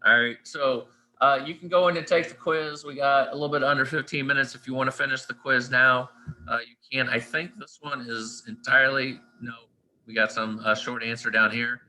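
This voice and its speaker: A man's voice: medium pitch, fairly even intonation, moderate pace, bright, forceful tone, slight background noise, rough recording. A man teaching a class in a casual, conversational lecture, often checking in with "all right" and "right?".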